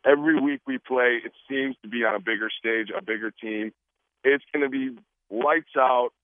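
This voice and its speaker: A man's voice: medium pitch, moderate pace. A man, a football player, joking and acting out quotes in a casual radio interview. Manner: animated, joking, acts out quotes. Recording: tinny phone line.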